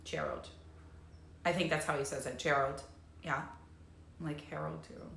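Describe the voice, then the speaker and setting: A woman's voice: low-pitched, steady tone, brisk, vocal fry, fairly bright tone. A woman talking in a casual live stream as a life coach, bubbly and chatty with lots of fillers. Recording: echoey room.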